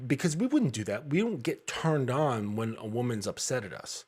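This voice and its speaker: A man's voice: medium pitch, sing-song, moderate pace, few pauses, darkish tone, breathy edge. A man in his thirties, a dating coach, talking bluntly and casually with frequent profanity and laughs.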